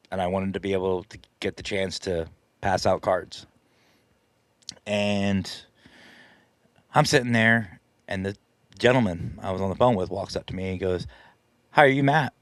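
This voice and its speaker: A man's voice: deep voice, steady tone, moderate pace, pauses often, dry recording. A man hosting a live stream, casually telling a story in a chatty, self-deprecating way and laughing often. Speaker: paranormal team leader and live stream host.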